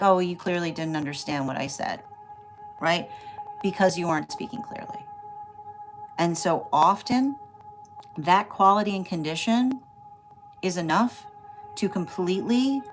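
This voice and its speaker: Emphatic woman tarot host, soft music. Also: fairly low pitch. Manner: emphatic, repeats phrases, many tag questions. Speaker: tarot reader, livestream host. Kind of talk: casual livestream talk.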